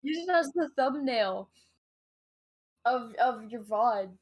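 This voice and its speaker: A woman co-host with a fairly high voice chats and reads along on stream. She reacts playfully and laughs easily as the two take turns. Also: expressive, slow pace. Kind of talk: casual chat while reading along.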